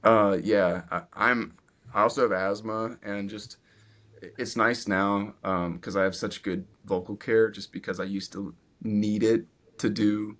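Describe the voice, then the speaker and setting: A man's voice: lowish voice, measured pace. Young man rambling casually about his gear. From Virginia, US. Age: 20s. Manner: relaxed, rambling with many "like" fillers. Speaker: guest guitarist. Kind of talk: casual interview chat.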